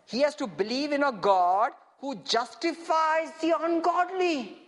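This man preaches with emphasis in a very high-pitched, fairly bright voice, asking for agreement after nearly every point. He has the congregation repeat verses after him, reading them slowly and stressing each phrase.

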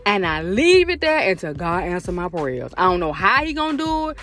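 A woman's voice: on the low side, sing-song, fairly quick, a bit bright, soft background music. A woman with a Southern US accent hosting a casual faith and wellness podcast check-in from inside her car, talking to listeners in a chatty, repetitive way. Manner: chatty, repeats herself, addresses listeners as y'all. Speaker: podcast host.

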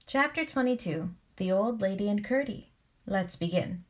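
A woman's voice: mid-range voice, moderate pace. Soothing woman reading a storybook. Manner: soothing and expressive, voicing each character. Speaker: storybook reader. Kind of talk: calm read-aloud storytelling with relaxation cues.

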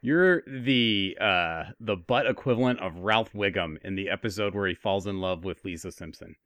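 A man's voice: low-pitched, moderate pace, fairly bright tone, no room sound. Dry-witted man with absurd jokes. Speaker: podcast co-host. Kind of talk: comedic banter.

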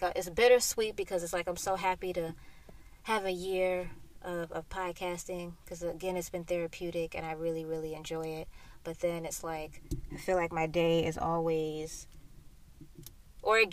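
Young woman venting on her podcast from her car, blunt, cussing a lot, heated. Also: on the low side. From Florida. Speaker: podcast host. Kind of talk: solo podcast rant. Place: inside a hot parked car.

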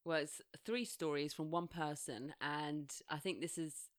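Low-voiced chatty woman co-host. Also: steady tone, unhurried, no room sound, clean studio sound. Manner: chatty, laughs often, reads listener stories aloud. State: tired. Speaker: podcast co-host. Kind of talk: casual chat.

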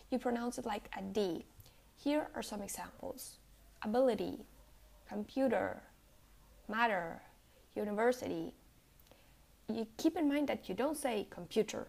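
A woman with an American accent teaching a pronunciation lesson, saying example words slowly and deliberately. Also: a little high, gravelly, darkish tone. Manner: slow, deliberate, over-articulated example words.

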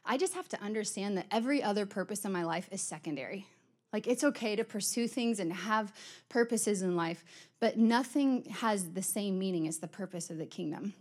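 A woman's voice: mid-range voice, expressive, fairly quick, darkish tone. A middle-aged woman giving a conversational sermon, chatty and storytelling, acting out quoted exchanges. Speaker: church speaker.

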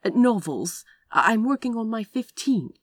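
Woman putting on a fussy genteel gentleman, prim, a bit flustered, higher and brighter than the narration, storybook role. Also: sing-song, normal speed, no room sound.

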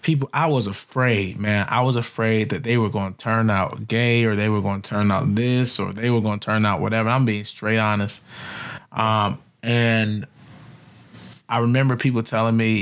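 Tearful man sharing heartfelt testimony. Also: medium pitch. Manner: heartfelt, slow and emphatic, choking up. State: near tears. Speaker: podcast host. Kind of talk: emotional personal testimony.

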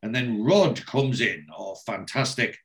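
A man hosting a casual podcast, retelling a TV episode scene by scene and quoting the characters' lines, with a steady "he says" between quotes. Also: medium pitch, measured pace. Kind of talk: casual chat recapping a TV episode.

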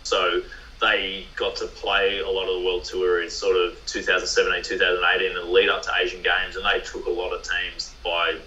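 A man's voice: deep voice, monotone, brisk, sharp tone, dull audio, slight background noise. A man with an Australian accent, a volleyball player chatting in an interview, rambling with many fillers and restarts. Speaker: professional beach volleyball player. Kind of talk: podcast interview. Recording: roomy, distant mic.

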